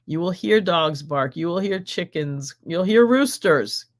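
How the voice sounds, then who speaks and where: A woman's voice: fairly low pitch, animated, measured pace. A middle-aged American woman with an American accent hosts a live stream, chatting exuberantly and rambling through questions and stories. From United States.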